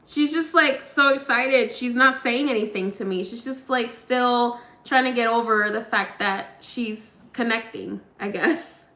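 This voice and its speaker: High, bright-voiced woman giving a psychic reading. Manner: halting, full of fillers and restarts, relays spirits' words. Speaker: psychic medium. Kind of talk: live mediumship reading.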